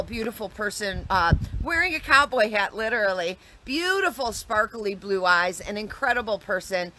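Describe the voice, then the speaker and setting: A woman's voice: mid-range voice, pushed and bright. A woman telling a personal story in a casual, earnest way, often restarting and repeating herself. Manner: earnest, reflective, with frequent restarts and repetitions.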